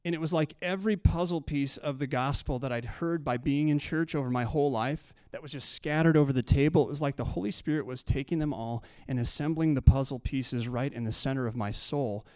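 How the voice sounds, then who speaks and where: A pastor preaching a sermon, telling a personal story and building to impassioned preaching. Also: male voice, mid-range voice, fairly quick, hardly any pauses, darkish tone, clean tone, no room sound, studio quality.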